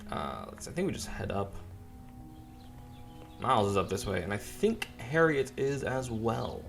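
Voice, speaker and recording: A man's voice: on the low side, big pitch swings, measured pace, creaky. A man playing a narrative game, reading and musing aloud in a wry, trailing way. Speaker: let's play gamer. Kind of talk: casual gameplay commentary. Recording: faint game music behind.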